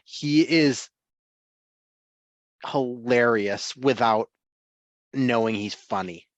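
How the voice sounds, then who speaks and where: A man's voice: medium pitch, very slow, dry recording. Rambling, chuckling man on a dull podcast mic. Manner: chuckling, rambling, with many restarts. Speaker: sports podcast co-host. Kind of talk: casual sports chat.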